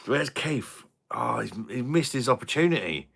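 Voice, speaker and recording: A man's voice: mid-range voice, vocal fry, a bit bright, slightly rough. Bantering man on a live stream. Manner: crude joking banter, laughs often. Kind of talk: casual live-stream chat reading viewer comments.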